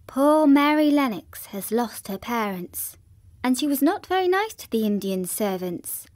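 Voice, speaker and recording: A woman narrating a children's classic in a gentle, even storytelling manner, with a synthetic sound. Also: on the high side, a little slow.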